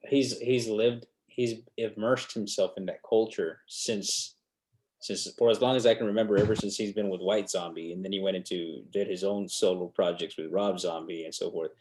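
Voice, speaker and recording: A man's voice: fairly low pitch, steady tone, normal speed, a little mellow. A man hosting a podcast, asking casual questions and chiming in. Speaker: podcast host. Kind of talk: casual chat.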